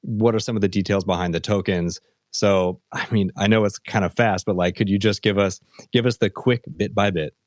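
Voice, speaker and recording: A man with a lowish voice hosts a casual live audio chat. He talks in a relaxed way with fillers and restarts. The sound is dry and close. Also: a little fast, no echo. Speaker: host.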